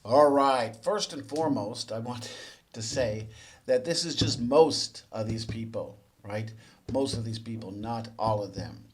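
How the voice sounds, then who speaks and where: A man teaching English. He asks the viewer quiz questions, then explains the answers in a relaxed, conversational way. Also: mid-range voice, a little slow. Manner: relaxed and conversational, with small restarts. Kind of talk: explanatory lesson narration.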